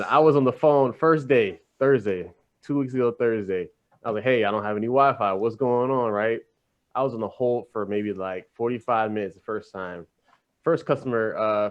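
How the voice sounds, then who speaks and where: A man hosting a podcast, telling a long, animated story full of slang in casual chat. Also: mid-range voice. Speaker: podcast host.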